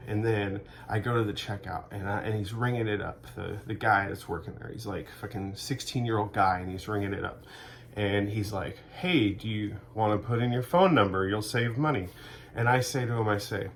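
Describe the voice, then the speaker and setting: Sarcastic, cursing man with a low voice. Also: slight background noise. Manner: sarcastic, profane, acts out both sides of made-up dialogues. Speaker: vlogger. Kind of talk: rambling deadpan comedic monologue.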